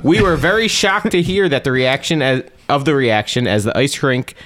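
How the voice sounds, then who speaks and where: A man's voice: medium pitch, normal speed, a bit bright. A man co-hosting a comedy podcast, reading out news stories and adding sarcastic remarks. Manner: reads news items aloud, sarcastic. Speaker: podcast co-host. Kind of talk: casual comedy podcast chat.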